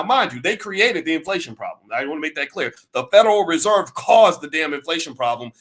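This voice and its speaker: Emphatic male finance commentator, bright forceful voice, raised pitch. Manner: emphatic, rising to near-shouts, rhetorical questions. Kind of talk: preachy talk to camera.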